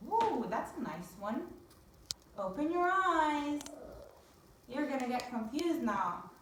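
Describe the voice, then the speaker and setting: A woman teaching a phonics lesson to young children, with drawn-out, sing-song repetition drills. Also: high-pitched, sing-song, recorded from a distance, slight background noise. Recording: very echoey room, voice from off-mic.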